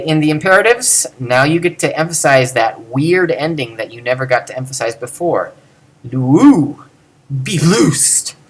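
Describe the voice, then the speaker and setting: A man's voice: mid-range voice, fairly bright tone. A man giving an informal grammar lesson, thinking aloud with fillers and self-corrections and drawing out example words. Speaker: teacher explaining Greek grammar. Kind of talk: informal recorded lecture.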